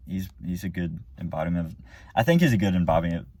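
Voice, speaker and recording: A man's voice: low-pitched, expressive, quick pace, dark tone, dry recording. A man giving a casual, rambling spoken movie review, full of fillers and restarts. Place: car or room after the movie.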